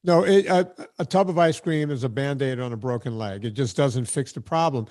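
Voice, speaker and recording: A man hosting a podcast interview, talking in an animated, emphatic way and often repeating words as he gets going. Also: mid-range voice, moderate pace. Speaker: podcast host. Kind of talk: casual conversational interview.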